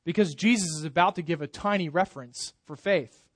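Pastor, male, higher voice, sermon delivery, loud build-ups that sink to quiet endings, dry close sound. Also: fairly quick, no room sound. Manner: emphatic preaching, swells loud then drops soft.

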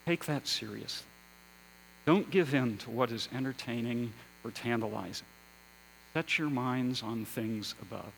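A man preaching a sermon as pastor, slow and measured, building to loud emphasis and then dropping to a hush. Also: medium pitch, vocal fry, a little hiss or hum, low-quality recording.

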